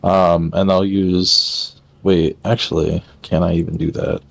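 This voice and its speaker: A man's voice: deep voice, level tone, measured pace, vocal fry. A man playing a tabletop game, talking hesitantly as he decides his moves. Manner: hesitant, full of ums and restarts. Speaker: player. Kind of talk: casual tabletop game play.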